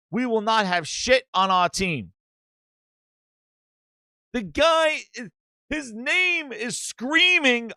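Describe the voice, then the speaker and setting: An excitable man hosting a gaming show. His voice is high and bright, and it swings wildly in pitch as he jokes and swears. The recording is close and dry. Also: clear, resonant tone, dry recording. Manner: excitable, profane, joking. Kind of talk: casual comedic chat.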